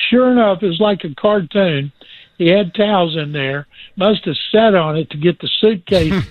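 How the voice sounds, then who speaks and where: A man spinning lively sports anecdotes as a guest, doing quick impressions of the people in them. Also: high voice, dry recording. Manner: lively, imitates people in his stories. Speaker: guest recounting sports stories. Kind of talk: anecdotal storytelling. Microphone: phone. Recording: tinny phone line.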